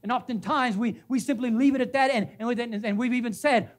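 A man's voice: very high voice, steady tone, fairly quick, hardly any pauses, faint music behind. A male pastor preaching a sermon in a church. He repeats names and phrases for emphasis and puts questions to the congregation. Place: church sanctuary.

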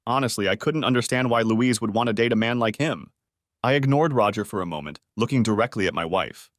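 Lively male story narrator, dry sound. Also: on the low side, a little fast, no room sound. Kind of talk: first-person scripted story narration.

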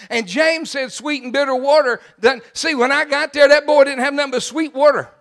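Older preacher, high-pitched and folksy. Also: male voice, steady tone, fairly quick, hardly any pauses. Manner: folksy storytelling, bursts into shouts. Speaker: pastor. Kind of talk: sermon with storytelling.

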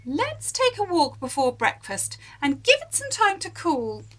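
A woman's voice: extremely high pitch, huge pitch swings, measured pace, a bit bright, voice pushed up, heavily acted. A woman voicing a fussing mother bear in a storybook reading, in a raised sing-song voice. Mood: gentle.

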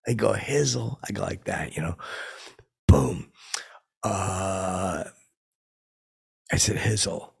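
A man telling a rambling, halting story in a deadpan way, full of fillers and sound effects, as a boastful hanger-on. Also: low-pitched. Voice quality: gravelly, husky. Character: dim, boastful washed-up male hanger-on telling tall tales. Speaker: comedy podcast host in character.

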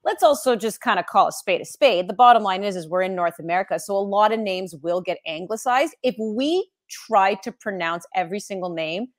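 A middle-aged woman from Canada who works as a sportscaster, chatting as a guest. She tells stories with energy and laughs often. Her voice has a medium pitch for a woman. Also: a little fast, hardly any pauses. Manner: animated storytelling, laughs often. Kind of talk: casual interview chat.

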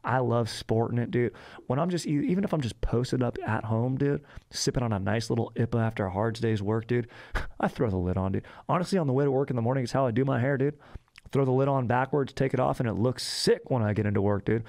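A man's voice: medium pitch, fast talker, darkish tone, close to an everyday voice. A man voicing a laid-back young bro in a comic ad read, drawling slang and saying dude after every phrase. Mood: hyped.

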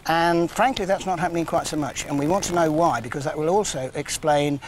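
A man's voice: fairly high pitch, brisk. A man in his sixties from England presenting a live wildlife broadcast in a chatty, jokey, self-deprecating way. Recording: faint outdoor background noise.

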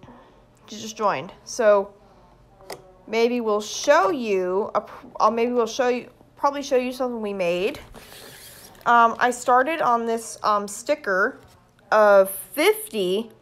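A woman, vlogging casually at home and excitedly showing things off to her phone camera. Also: a little high, slow pace. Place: indoors at home.

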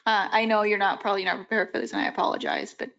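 A woman board member who is losing her voice, speaking in a measured, conciliatory way at a public meeting. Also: mid-range voice, steady tone, creaky, a bit bright. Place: municipal board meeting room. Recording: muffled meeting audio.

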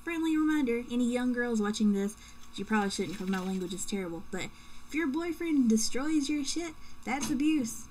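A woman's voice: a little high, expressive, a little fast, darkish tone, slight background noise. Joking, foul-mouthed young woman gamer. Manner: joking, profane, talking to herself. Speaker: let's play gamer. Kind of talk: casual game commentary.

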